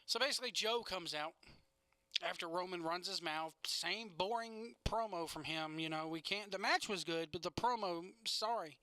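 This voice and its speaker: Bright, rambling young man recapping wrestling. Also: sits high, normal speed, no room sound. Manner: rambling, laughs often, sarcastic asides. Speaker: wrestling podcast host.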